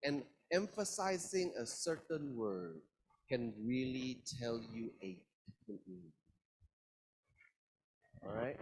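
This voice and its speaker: A young man leading a university session on communication, playfully demonstrating how stress and pauses change meaning. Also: on the high side, darkish tone, breathy edge, rough recording. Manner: playful, demonstrative, shifts stress and volume to show emphasis. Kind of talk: lively public speaking demonstration.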